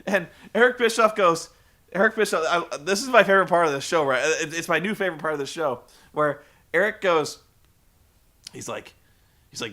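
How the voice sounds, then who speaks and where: A man recapping a wrestling show in loose, profane talk that keeps stumbling over itself. His voice sits a bit high and sounds very bright. He rambles on with frequent restarts. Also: animated, a little fast. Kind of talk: casual recap commentary.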